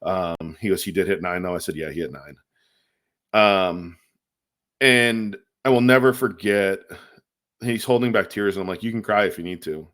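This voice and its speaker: Deep-voiced man telling a golf story. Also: moderate pace. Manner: animated storyteller, acts out quotes, many fillers. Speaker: podcast co-host. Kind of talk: casual storytelling.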